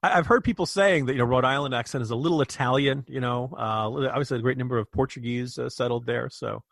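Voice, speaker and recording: A man's voice: medium pitch, fast, gravelly, a bit bright, dry recording, studio quality. An American man co-hosting a political podcast, speaking emphatically and indignantly with frequent restarts. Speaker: podcast co-host. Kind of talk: political commentary.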